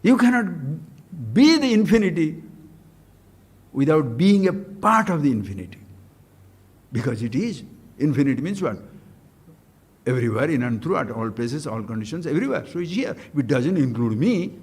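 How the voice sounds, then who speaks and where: Older male spiritual teacher, slightly high voice, lively discourse with chanted verses. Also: slightly rough. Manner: animated, acts out quoted dialogue, chants Sanskrit verses.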